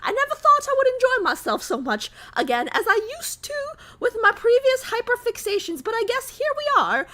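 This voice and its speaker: A woman's voice: very high-pitched, big pitch swings, drawn-out words, few pauses, sharp tone, pitched above the performer's own voice, exaggerated voice. A woman reading a fan letter aloud in a silly put-on accent, playing a gushing fan. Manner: exaggerated put-on accent, sing-song.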